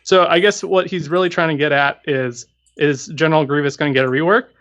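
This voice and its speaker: A man's voice: a little high, fairly even intonation, a little fast, fairly bright tone. A man hosting a casual gaming stream, answering viewer questions in a rambling way and often repeating words as he thinks. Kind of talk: casual chat. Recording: dull lo-fi stream audio.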